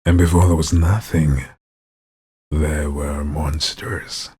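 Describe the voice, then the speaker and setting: A man voicing an ominous epic trailer narrator with slow, drawn-out, dramatic delivery. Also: rumbling low, steady tone, mellow, slightly rough, heavily acted.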